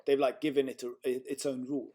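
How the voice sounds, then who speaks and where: A man's voice: mid-range voice, little pitch movement, fast, dark tone. A young man tutoring one student in Chinese pronunciation over a video call, patient and full of fillers and restarts. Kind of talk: one-on-one language lesson.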